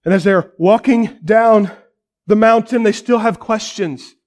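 A male pastor preaching a sermon with dramatic storytelling, often dropping to a near-hush for weight. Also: sits high, unhurried.

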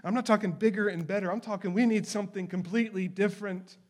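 A man preaching a sermon as pastor, moving between loud, urgent questions and hushed, slow emphasis. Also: sits high, steady tone.

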